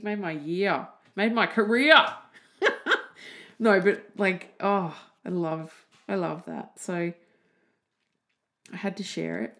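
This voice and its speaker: A woman hosting a casual solo podcast, chatty and animated, swearing freely. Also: mid-range voice. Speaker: podcast host.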